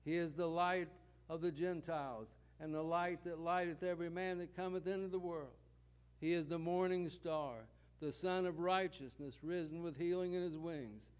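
Male preacher, sermon delivery, clear resonant tone a touch above average pitch, uses repetition and rhetorical questions. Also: steady tone, moderate pace. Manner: rhetorical questions and repeated parallel phrases.

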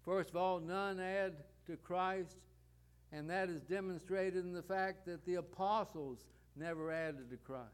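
A man preaching a sermon, building points with rhetorical questions and repeated parallel phrases. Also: fairly high pitch.

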